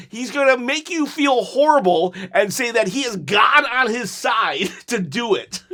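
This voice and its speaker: Bright, high-voiced man laughing as he talks. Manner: giggly, animated, laughs through his words. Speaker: YouTuber reacting to wrestling clips. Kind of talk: casual reaction commentary.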